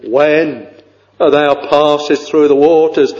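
Older male preacher, slow and sing-song. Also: medium pitch, darkish tone. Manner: fervent, halting with repeated fillers, sing-song rises on scripture. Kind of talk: sermon. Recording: dull, echoey old church recording.

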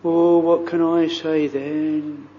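Slow, pleading preacher in an echoing church. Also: male voice, on the high side, little pitch movement. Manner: earnest, pleading, in old-style formal phrasing. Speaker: minister leading prayer. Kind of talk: old-fashioned pulpit prayer. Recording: dull lo-fi recording in a reverberant hall.

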